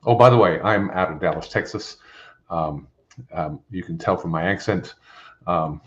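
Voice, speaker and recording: Older English-accented founder, deep and measured, on a dull muffled line. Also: male voice. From England. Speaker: company founder and chairman. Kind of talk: webinar introduction. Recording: muffled lo-fi audio with faint noise.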